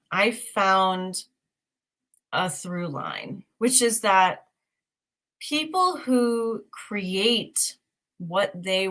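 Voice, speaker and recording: Bright, enthusiastic woman chatting. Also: medium pitch. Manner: enthusiastic and meandering, many fillers. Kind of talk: casual chat.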